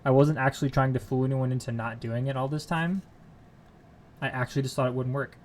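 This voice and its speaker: A man's voice: medium pitch, steady tone, fairly quick, darkish tone, a little hiss or hum. A man on a casual live stream, muttering code aloud to himself while he works and chatting with viewers from a home computer room.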